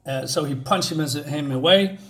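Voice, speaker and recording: A man's voice: a little high, moderate pace, a bit bright. A man casually reviewing a comic book for his channel, rambling with many filler words and restarts.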